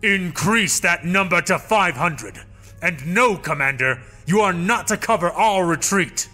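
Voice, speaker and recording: A man's voice: high voice, lively intonation, unhurried, sharp tone, soft background music, heavily acted. A man voicing a furious middle-aged Jedi master who barks orders and growls through clenched teeth, in a storybook reading. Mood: curt.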